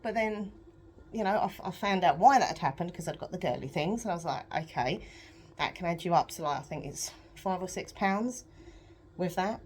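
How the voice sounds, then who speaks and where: Croaky british woman rambling on her home vlog, lower voice, little hiss behind. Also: lively intonation, a little fast. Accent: British English. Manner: chatty, rambling, self-deprecating, laughs often. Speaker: vlogger. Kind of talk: casual confessional vlog chat.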